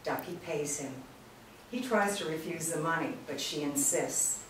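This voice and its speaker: A woman's voice: sits low, a little slow, a little hiss or hum. A woman reading the stage directions of a screenplay steadily aloud. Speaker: narrator. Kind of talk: screenplay read-through. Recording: echoey room from far off.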